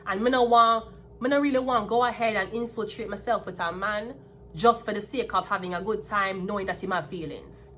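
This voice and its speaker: A woman's voice: mid-range voice, fairly even intonation, brisk, fairly bright tone, slight background noise. A Jamaican woman in her thirties giving a casual, emphatic tarot reading, talking animatedly and repeating her points. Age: 30s. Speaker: tarot reader.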